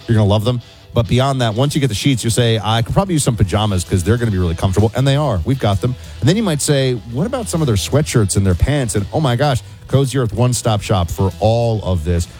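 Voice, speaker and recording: A man's voice: medium pitch, darkish tone. Wry man co-hosting talk radio. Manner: teasing, wry. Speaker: radio talk show co-host. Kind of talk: casual radio talk and read ad.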